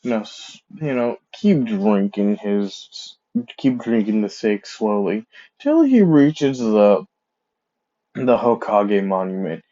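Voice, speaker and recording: Slow, rambling male storyteller, mellow tone, slightly muffled. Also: on the low side, very animated. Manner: rambling, full of fillers and restarts. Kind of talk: casual fan-story retelling.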